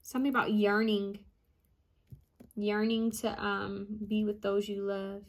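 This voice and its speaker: A woman psychic medium reading out channeled messages, repeating each word she hears and pausing often with ums. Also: medium pitch, level tone. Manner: hesitant with frequent ums.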